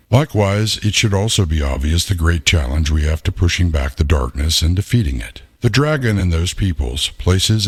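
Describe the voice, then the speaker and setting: Deep, husky synthetic male narrator. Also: no echo, studio quality. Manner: steady, measured synthetic reading. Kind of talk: scripted narration.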